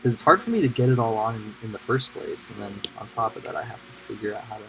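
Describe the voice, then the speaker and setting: A man's voice: on the low side, fast, creaky, music in the background, poor audio. A man streaming live as he paints miniatures, rambling and joking to himself in casual chat. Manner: rambling, jokey, talks to himself while working.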